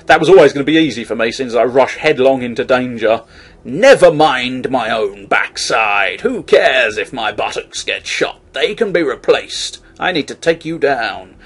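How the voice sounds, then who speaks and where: Rambling, husky-voiced gaming commentator. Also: male voice, mid-range voice. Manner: rambling, jokey asides and sudden shouted outbursts. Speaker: let's play host. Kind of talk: video game commentary.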